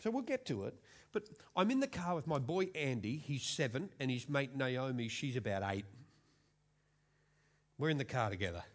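A man's voice: medium pitch, big pitch swings, moderate pace. A man in his forties, preaching a sermon in a chatty, self-mocking storytelling way.

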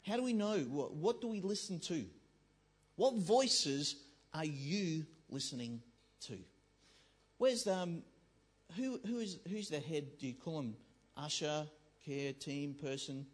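A man's voice: a little high, lively intonation, slow, husky. A man giving a conversational sermon in a church, joking with the congregation and acting out the voices in people's heads. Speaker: pastor.

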